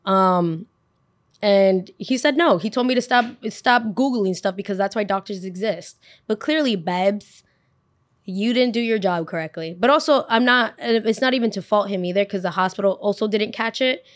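Young woman, podcast host, mid-pitch, chatty and expressive, curses freely. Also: normal speed. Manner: animated, expressive, with frequent swearing. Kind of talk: casual storytelling.

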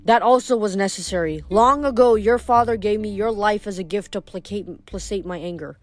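A woman voicing an imprisoned goddess who speaks in a hushed, stern, commanding tone. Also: medium pitch, moderate pace, no room sound, close to an everyday voice. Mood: ominous.

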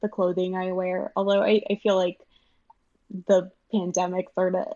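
A woman's voice: fairly low pitch, level tone, moderate pace, warm tone, dry recording, highs cut off. A young woman chatting as a guest in an interview, rambling with lots of fillers and frequent laughs. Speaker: guest, animation writer and storyboard artist. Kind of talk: casual interview chat.

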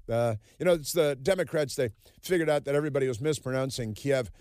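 A man's voice: medium pitch, darkish tone, no room sound, clean studio sound. A man hosting a talk radio show, delivering a sarcastic, rambling opinion monologue full of fillers and asides.

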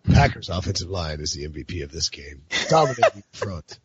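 Man imitating a deep gruff old actor, drawling, dull lo-fi sound. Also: very animated, a little fast, no room sound, full character voice. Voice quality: low and gruff. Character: gruff low-voiced older male movie actor.

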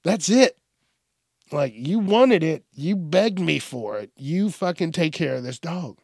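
A man hosting a podcast, ranting casually with lots of swearing and bursts of shouted acted-out bits. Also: a little high, lively intonation, measured pace, vocal fry, dry recording, studio quality. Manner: profane, rambling, acts out bits in shouted voices. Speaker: podcast host. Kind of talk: casual comedic rant.

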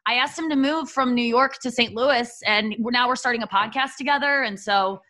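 A woman's voice: fairly high pitch, a little fast, bright, forceful tone. A woman who is a guest on a podcast, chatting and joking at her own expense. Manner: chatty, self-mocking. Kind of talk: casual chat.

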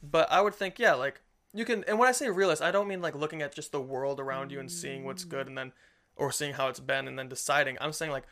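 A man's voice: mid-range voice, quick pace. A man co-hosting a casual Christian discussion podcast, rambling and acting out little quoted voices as he talks. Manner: rambling, animated, acts out quotes. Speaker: podcast co-host.

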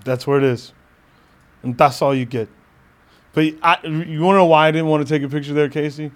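A man's voice: fairly high pitch, fairly even intonation, fairly quick. A man chatting casually as a podcast co-host, laid-back, laughing often and swearing now and then. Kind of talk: casual chat.

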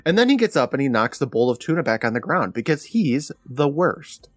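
A man's voice: medium pitch, dry recording. A male podcast co-host walks through an episode scene by scene in an easy, casual tone. His voice swings up and down with animation. The sound is close and dry. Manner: animated retelling, quick laughs.

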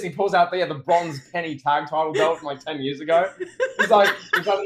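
A man talks wrestling on a casual podcast, his voice sitting a little high. He is animated and keeps jumping into loud mock voices. The sound has a roomy echo. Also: fast talker. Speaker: podcast co-host. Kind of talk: casual wrestling review chat.

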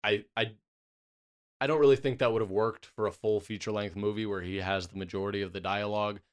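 A man's voice: fairly low pitch, steady tone, fast. A young man co-hosting a podcast, chatting casually and laughing often while sharing opinions. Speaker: podcast co-host. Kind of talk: casual chat.

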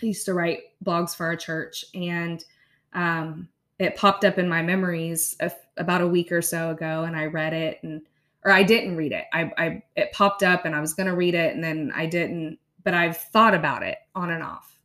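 A woman, a podcast host in her thirties, chatting casually with soft laughs and reading her own blog aloud. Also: fairly low pitch, steady tone, moderate pace.

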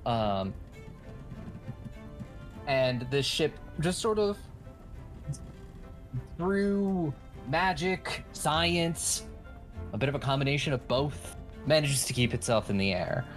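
Game master, mid-pitched, hesitant narration with faint music behind. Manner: halting, many ums and uhs.

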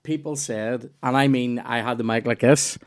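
A man's voice: medium pitch, fairly even intonation, moderate pace. A Northern Irish man telling loose, rambling stories in casual podcast chat, with restarts and swearing.

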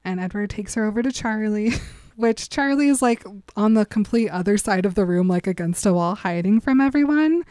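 A woman's voice: mid-range voice, lively intonation, moderate pace, dark tone, dry recording. A woman co-hosting a casual podcast, recapping a story in a chatty, giggly way with lots of fillers. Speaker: podcast co-host. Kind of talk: casual book recap chat.

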